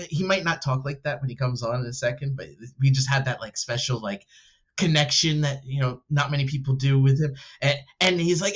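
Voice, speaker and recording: A man playing a tabletop game who tells in-character stories in a rambling way, with many fillers, laughing, and higher voices for other characters. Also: fairly quick, highs cut off. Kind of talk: in-character role-play storytelling.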